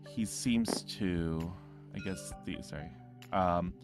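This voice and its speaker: A man's voice: sits low, slow pace, gravelly, over music. A man narrating a tabletop game as game master, rambling with fillers and self-corrections.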